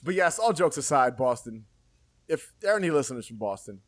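A man's voice: medium pitch, big pitch swings, fairly quick, no room sound. A man from New York City with a New York accent, hosting a podcast in casual, jokey chat and laughing often. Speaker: podcast host.

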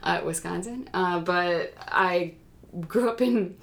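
Woman from the Upper Midwest, podcast guest; agreeable, giggly, slightly low register. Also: takes it slowly, a bit bright. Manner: laughs often, chatty and agreeable. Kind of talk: casual chat.

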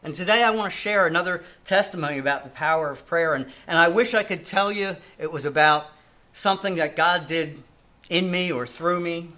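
A man's voice: fairly high pitch, a little fast, sharp tone. An older man preaching a sermon in an earnest, reflective way, often restarting and letting his line endings fall.

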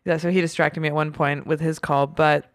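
A woman co-hosting a podcast in casual chat, laughing often and filling pauses with ums. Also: deep voice, flat delivery, no room sound. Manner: chatty, laughs often, many fillers. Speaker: podcast co-host.

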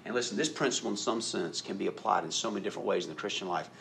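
A man preaching a sermon in an animated way, acting out quoted voices and rising to loud emphatic peaks. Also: fairly low pitch, racing, vocal fry, a little hiss or hum. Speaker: pastor.

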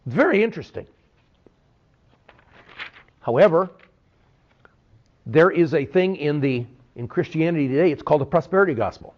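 A man teaching a Bible sermon in an animated way, often checking in with "okay?". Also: on the high side, normal speed, pauses often. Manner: animated, peppers talk with "okay?". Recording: dull lo-fi recording.

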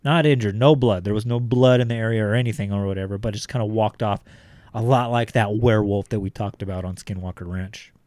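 A man's voice: fairly low pitch, steady tone, a little fast, a little mellow, no echo. Profane storytelling podcast man. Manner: loose and profane, full of fillers. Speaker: podcast co-host. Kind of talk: casual storytelling.

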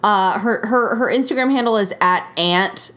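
A woman co-hosting a podcast in casual chat. She talks in an expressive, slangy way. Her pitch jumps for emphasis. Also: normal speed. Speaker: podcast co-host.

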